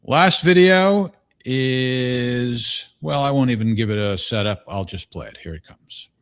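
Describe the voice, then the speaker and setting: A man's voice: medium pitch, expressive, unhurried, a bit bright, clear, resonant tone. An easygoing male host with a voice in the middle range, chatting casually with callers and his guest. He sounds bemused at times and keeps things moving. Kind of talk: casual talk show chat.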